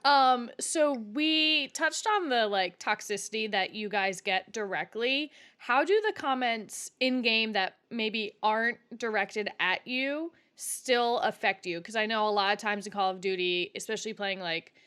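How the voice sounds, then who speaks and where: A woman's voice: fairly high pitch, a little slow, few pauses, sharp tone, smooth. Woman host asking casual questions. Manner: casual, laughs along. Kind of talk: interview questions.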